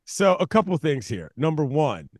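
A man co-hosting a podcast in casual chat who is animated and often laughs between his lines. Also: a little high, normal speed, dry recording. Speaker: podcast co-host.

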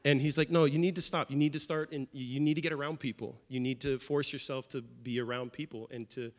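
A man preaching a sermon as pastor, conversational and animated with playful asides. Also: medium pitch, a little fast. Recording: long reverb of a large hall.

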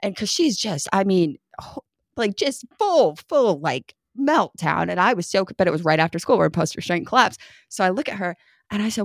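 A woman's voice: mid-range voice, expressive, moderate pace, no echo, studio quality. A woman in her thirties co-hosting a casual parenting podcast, telling stories about her kids and acting out what they said. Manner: chatty storyteller, acts out quotes. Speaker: podcast co-host. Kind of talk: casual chat.

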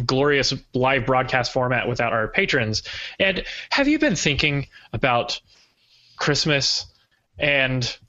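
Bright, playful man podcast co-host. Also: a little high, dull audio. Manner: playful, jokey. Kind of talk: casual podcast chat.

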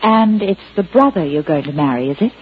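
An actress playing a sharp, teasing young woman in a 1950s radio drama. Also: lowish voice, lively intonation, brisk, slight background noise, close to an everyday voice. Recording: dull lo-fi old radio recording.

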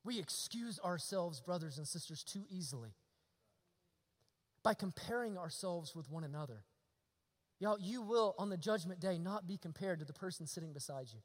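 High bright-voiced preacher, echoing hall. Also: male voice, expressive, moderate pace. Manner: swings from hushed near-whispers to emphatic shouts; repetitive rhetorical questions to the congregation. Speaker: pastor. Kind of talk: sermon. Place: church sanctuary.

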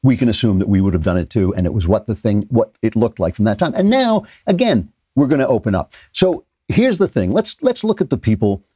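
Older man, low pitch, dark mellow tone, opinionated talk-show host, sarcastic asides. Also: brisk, hardly any pauses, husky, no echo, clean studio sound. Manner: animated, sarcastic asides, frequent restarts. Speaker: political commentary host. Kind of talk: opinionated political monologue.

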